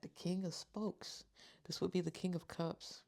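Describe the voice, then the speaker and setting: With a very deep, dark-toned voice and a moderate pace, a tarot reader speaks earnestly to her viewers. She reads the card descriptions out loud, growing emotional and offering reassurances repeatedly.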